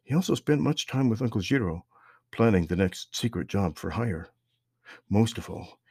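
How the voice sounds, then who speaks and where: A man reading a story aloud in a measured, steady narration. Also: deep voice, breathy edge, dry recording, clean studio sound.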